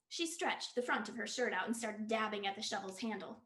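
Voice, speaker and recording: A woman reading a comic novel aloud for the library, in an expressive, animated storytelling style. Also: mid-range voice, brisk, few pauses. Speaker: library staff reader. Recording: roomy echo.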